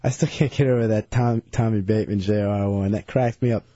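A man's voice: fairly low pitch, fairly even intonation, fairly quick, dark tone, no room sound. A man hosting a radio show in casual, rambling chat. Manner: laid-back, rambling. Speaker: radio host. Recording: dull, dry lo-fi radio recording.

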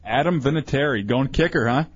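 A man co-hosts a radio show, giving football answers in a dry, easygoing way. His voice is mid-pitched, and the recording sounds dull and lo-fi. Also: a little fast, breathy edge. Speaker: radio co-host. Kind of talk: casual radio banter.

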